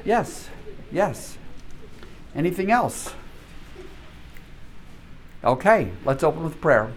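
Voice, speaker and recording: Older male Bible teacher in his 70s, chatty and animated, voice pitched a little high and swinging a lot, laughs often while teaching. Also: slow pace. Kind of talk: church class teaching.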